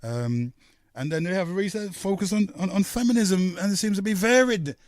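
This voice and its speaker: A man from hosting a call-in radio talk show, rambling and halting with many fillers. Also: sits high, a little mellow, no echo, studio quality.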